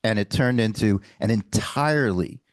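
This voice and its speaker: Older man telling his story haltingly. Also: on the low side, no echo. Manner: halting, with repeated starts. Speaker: guest. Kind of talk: casual interview talk.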